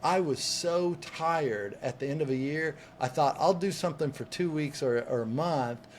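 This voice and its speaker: A man, a coach and podcast guest, telling a personal story in an animated way, acting out what people said and restarting words as he goes. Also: on the high side, moderate pace, slight background noise. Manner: lively, acts out quoted voices, restarts words.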